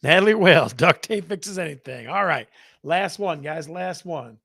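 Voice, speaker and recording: A real estate show host keeps his livestream chat casual and playful, reading out the chat and counting down contests aloud. He speaks at a normal speed in a slightly bright, higher-pitched voice with lively intonation, recorded cleanly in a studio without echo.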